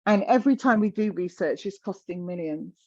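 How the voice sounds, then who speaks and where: A woman's voice: medium pitch, lively intonation, a little fast, darkish tone, highs cut off. A woman in her fifties talking candidly in conversation, passionate and emphatic, often repeating words for stress. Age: 50s.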